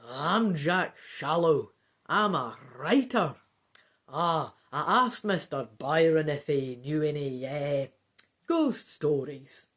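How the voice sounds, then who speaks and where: A woman doing a Scots gentleman writer. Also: deep voice, expressive, slow pace, pitched below the performer's own voice, full character voice. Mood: friendly. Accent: Scottish. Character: thin mustachioed male writer, affable.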